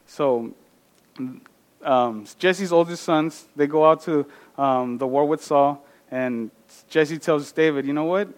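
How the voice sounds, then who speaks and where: A man casually retelling a Bible story and reading scripture aloud, often pausing with fillers. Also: fairly high pitch. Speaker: Bible teacher.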